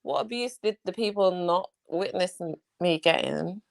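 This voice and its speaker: A woman's voice: lowish voice, moderate pace, vocal fry. Blunt, swearing South London woman. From England. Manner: blunt, profane, mimics others with laughter. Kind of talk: casual live-stream chat.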